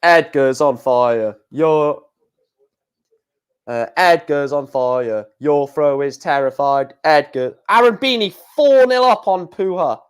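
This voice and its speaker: A man calls darts scores on his live stream at an unhurried pace, his voice sitting a little high. His talk is chatty and exclamatory, with mild swearing between results. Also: expressive, clean tone.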